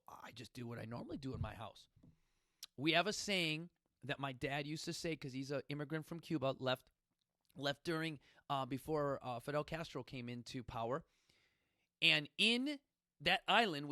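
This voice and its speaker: A man's voice: on the high side, sharp tone, dry recording, studio quality. A middle-aged man hosting a podcast, telling stories in a casual, emphatic, folksy way and often asking listeners questions. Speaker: podcast host. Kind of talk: casual storytelling talk.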